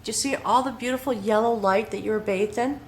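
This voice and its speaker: A woman giving an emotional, earnest spiritual tarot reading, talking straight to the viewer and often checking in with a soft "okay?". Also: a little high, fairly quick, slight background noise. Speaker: tarot reader.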